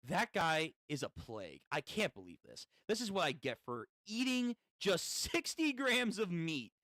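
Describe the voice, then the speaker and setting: A man's voice: high-pitched, huge pitch swings, measured pace, pushed and bright, no echo, clean studio sound. A man casually reading a comic aloud and reacting as he goes, swearing often. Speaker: comic read-through host.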